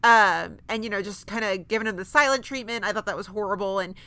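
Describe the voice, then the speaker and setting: A woman's voice: mid-range voice, quick pace, bright, forceful tone, clear, resonant tone, no room sound. A woman co-hosting a podcast, chatting casually about a TV episode with many fillers, and she has the hiccups. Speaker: podcast co-host. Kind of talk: casual chat.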